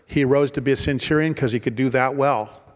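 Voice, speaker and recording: A man's voice: mid-range voice, a little fast, in a large hall. A man preaching a sermon in an earnest storytelling manner, often repeating words as he restarts. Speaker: pastor.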